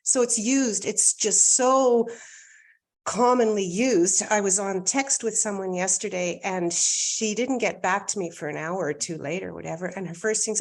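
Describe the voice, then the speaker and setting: Emphatic, energetic woman coach from Canada. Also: medium pitch, a little slow. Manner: energetic and emphatic, repeats key phrases for effect. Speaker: life coach. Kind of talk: casual conversation.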